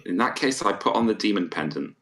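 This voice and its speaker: A man's voice: fairly low pitch, expressive, fast talker, a bit bright. A man playing a tabletop game over voice chat, speaking bluntly. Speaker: player.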